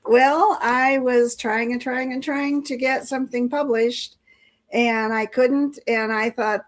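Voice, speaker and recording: A woman's voice: fairly high pitch, fairly even intonation, takes it slowly. An older woman, a guest author in a casual interview, telling anecdotes with frequent chuckles and restarts.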